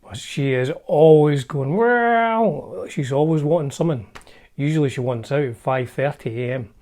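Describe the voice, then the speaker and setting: A man's voice: medium pitch, steady tone, moderate pace, warm tone. A Scottish man hosting a casual show-and-tell vlog, chatty and wry, often hedging his facts as he talks. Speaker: channel host showing his guitar collection.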